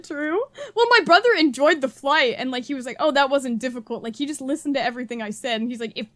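A young woman with a high voice tells a rambling story on a casual podcast. She is animated, laughs often and acts out what her family said. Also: quick pace. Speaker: podcast co-host.

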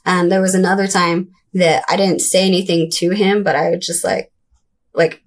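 A young woman with a fairly low voice talks through her past in a relaxed, candid way. She slips into bright, squeaky voices to act out what people said. The tone stays conversational and unhurried. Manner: conversational, acts out childhood voices with high-pitched quotes. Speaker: interview guest. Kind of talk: candid personal storytelling.

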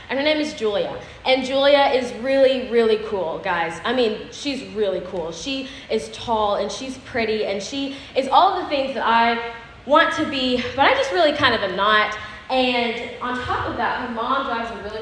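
A woman speaking to an audience on a handheld mic, telling a personal story in an earnest, animated way. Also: on the high side. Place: room with an audience. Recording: echoey room, faint background noise.

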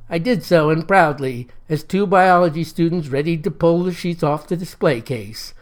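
Man, narrator, folksy, wry, deadpan, first-person storytelling. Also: fairly high pitch, moderate pace, hardly any pauses.

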